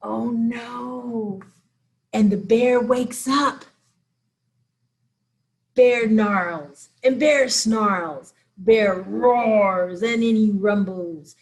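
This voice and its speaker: Woman children's librarian, slow and expressive storytime reader. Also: a little high, gravelly.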